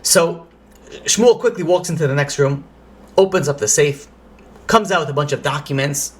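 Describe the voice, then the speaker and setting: A rabbi telling a story in a lively lecture, sprinkling in Hebrew and Yiddish phrases. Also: male voice, on the high side, normal speed.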